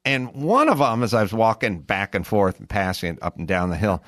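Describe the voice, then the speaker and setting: A man's voice: lowish voice, lively intonation, a little fast, fairly bright tone, no room sound. Middle-aged man, dry rambling podcast talk. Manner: rambling observational storytelling. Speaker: podcast host. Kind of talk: casual podcast chat.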